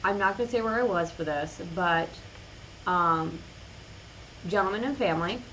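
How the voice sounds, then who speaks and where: A woman's voice: lowish voice, normal speed, slight background noise, low-quality recording. A woman co-hosting a podcast, telling anecdotes in casual chat. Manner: animated anecdote telling with acted quotes. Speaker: podcast co-host.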